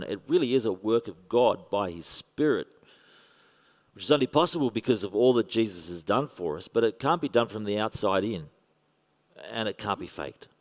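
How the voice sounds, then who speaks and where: An Australian man preaches in an easy, conversational tone with touches of wry humour. His voice sits low. The sound carries a long hall reverb. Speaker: pastor. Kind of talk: sermon.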